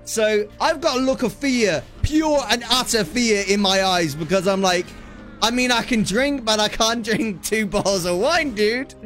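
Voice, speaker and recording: An animated man chats with his stream viewers, laughing often and dropping "dude" into many of his sentences. His voice sits high for a man, and faint music plays underneath. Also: unhurried. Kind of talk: casual chat to viewers.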